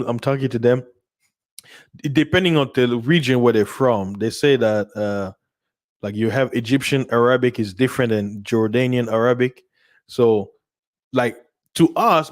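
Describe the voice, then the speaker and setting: A man's voice: mid-range voice, normal speed, no echo, clean studio sound. A man from Africa hosting a casual livestream, reading comments aloud, chatty, laughing often and repeating his words as he goes. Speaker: channel host.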